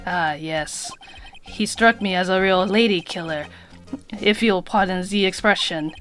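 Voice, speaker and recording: Give me a woman playing a grandiose young male bellboy with a put-on French accent, pitched low. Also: a little slow, a bit bright, faint music behind. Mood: boastful. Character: fawning young male hotel bellboy, odd.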